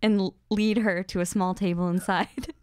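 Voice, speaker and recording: A woman's voice: mid-range voice, steady tone, normal speed, a little mellow. A woman podcast co-host reading fan fiction aloud, often breaking into giggles.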